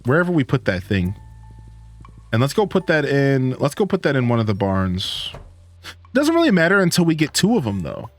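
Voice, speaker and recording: A young man chatting casually and greeting viewers while he plays a farming game on a live stream. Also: medium pitch. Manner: laid-back, chatty, greets chat.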